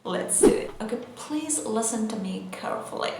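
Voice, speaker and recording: A woman's voice: on the high side, expressive, moderate pace, creaky, few pauses, mellow. A woman teaching English vocabulary, repeating each word twice and checking in with the listener. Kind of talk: slow, repetitive vocabulary lesson. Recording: very echoey room, faint noise.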